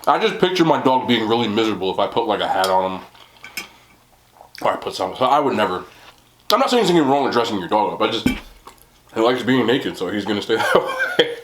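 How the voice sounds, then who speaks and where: A young man eats on camera and chats casually for his mukbang vlog, laughing frequently and teasing himself. His voice sits on the low side with a sing-song, fairly bright quality, a little fast with frequent pauses, recorded in a roomy home with slight background noise.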